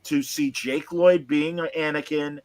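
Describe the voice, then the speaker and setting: A man's voice: on the high side, steady tone, measured pace, darkish tone, no room sound. A man co-hosting a casual film review chat, talking emphatically and restarting his sentences often. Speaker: podcast co-host.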